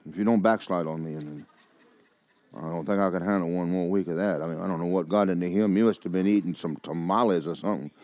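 An older man, preaching a sermon in a church. He moves between loud, urgent preaching and quiet, joking asides. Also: deep voice, fast talker, no echo. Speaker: pastor. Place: church sanctuary.

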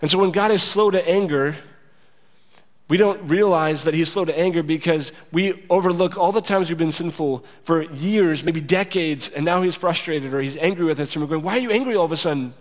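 Brief: male pastor, slightly high voice, casual sermon delivery with a long hall echo. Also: moderate pace. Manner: conversational preaching, acts out quoted voices. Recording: long reverb of a large hall.

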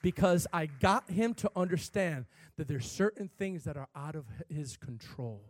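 A man, a pastor, preaching a sermon, swinging from shouted, fervent peaks to quiet, hushed storytelling. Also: on the high side, animated, normal speed, no echo.

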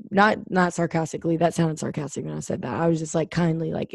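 A woman's voice: fairly low pitch, quick pace, vocal fry, few pauses, dark tone, dry recording. A woman co-hosting a podcast, telling a story in a loose, chatty way with lots of fillers. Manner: chatty storyteller, frequent "like" and laughs. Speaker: podcast co-host. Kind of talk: casual chat.

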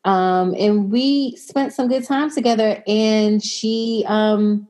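A young adult woman talks at a slow pace with a medium-pitched voice, casually telling a long story. She acts out the conversations with animation, putting on voices for herself and everyone else.

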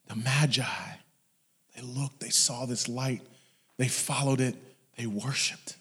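Male preacher, mid-pitched, dramatic range from whisper to shout, acts out family anecdotes; reverberant sanctuary sound. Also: steady tone, slow, slightly rough. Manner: dynamic, swings from hushed whispers to loud shouts; storytelling, acts out family members in his anecdotes. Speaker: pastor. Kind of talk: sermon. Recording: long hall reverb.

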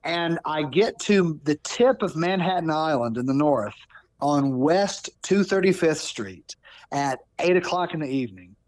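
A man in his thirties telling a personal story in casual talk, animated, often restarting and repeating words. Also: on the high side, a little slow, dry recording. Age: 30s. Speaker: podcast guest.

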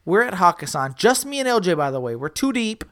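A woman podcast host telling a story in a casual, profane and animated way, often repeating herself. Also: lowish voice, a little fast.

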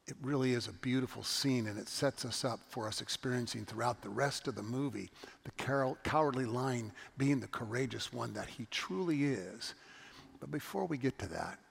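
A man's voice: medium pitch, creaky, breathy edge, big-room sound. A man preaching a sermon in an earnest, storytelling manner, often restarting his words. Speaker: pastor.

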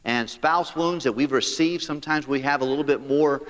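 A man preaching a sermon as pastor, animated and talking straight to his congregation. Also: a little high, moderate pace, big-room sound.

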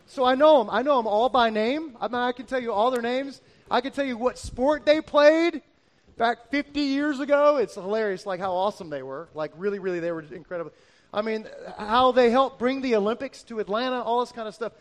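A middle-aged male pastor preaches with a high, light voice. He tells personal stories earnestly, driving points home by repeating phrases. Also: fairly quick. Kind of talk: sermon.

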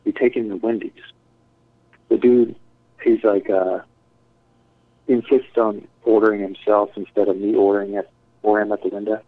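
A man's voice: fairly low pitch, flat delivery, moderate pace, pauses often. A man casually telling a rambling story full of swearing and acted-out quotes. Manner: profane, rambling, acts out quotes. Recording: tinny phone-like dry sound.

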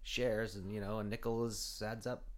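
A man's voice: on the low side, level tone, moderate pace. A man co-hosting a casual chat, joking, laughing often and mimicking people in his stories. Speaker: co-host.

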